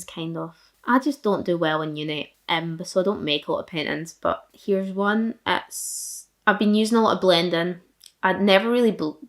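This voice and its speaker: A young woman from Fife with a thick Fife Scottish accent, chatting casually while answering viewer questions in a vlog. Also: fairly low pitch. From Fife, Scotland. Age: young adult. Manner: chatty, self-deprecating, many likes and laughs.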